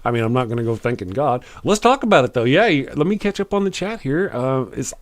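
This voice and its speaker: Animated wry man hosting a live stream. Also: medium pitch. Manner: animated, chuckling, wry, quick after lots of coffee. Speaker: live-stream show host. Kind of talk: casual live-stream commentary, reading chat.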